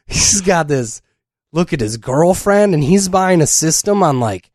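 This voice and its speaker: A man's voice: fairly high pitch, lively intonation, measured pace, a little mellow, no echo, studio quality. A man co-hosting a podcast, telling a rambling story in casual chat. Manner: rambling storyteller, breaks into laughter. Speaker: podcast co-host.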